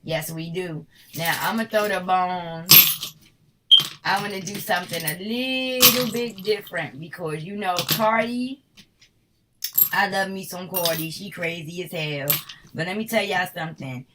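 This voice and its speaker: A woman's voice: fairly low pitch, a little slow, far from the mic, very noisy. A woman from Harlem with a New York accent, giving a casual tarot reading in a blunt, slangy, profane way. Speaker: tarot reader.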